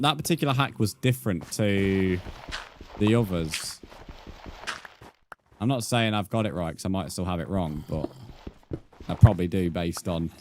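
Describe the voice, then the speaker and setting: A man's voice: sits low, background noise. A young man streaming, chatting casually with viewers, swearing freely and calling them mate. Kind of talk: casual live-stream chat.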